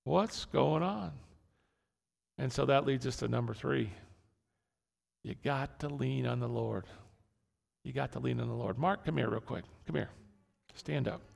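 This pastor preaches conversationally to his flock, restarting phrases and repeating important words, with long pauses along the way. His voice is mid-range and creaky at a measured pace, and the church sanctuary gives it a long reverb.

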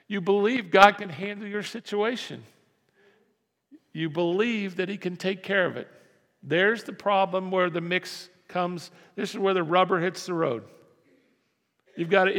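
Preaching man, high voice, gravelly edge, emphatic, repeats key lines, reverberant church hall. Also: fairly bright tone. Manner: emphatic, repeats lines, asks congregation to respond. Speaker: pastor. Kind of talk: sermon. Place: church sanctuary.

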